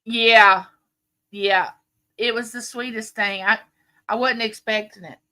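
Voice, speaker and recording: Speaking slowly in a steady, somewhat high voice, this late-50s livestream host chats from home. She's warm and talkative, wandering through stories for her viewers in a relaxed stream.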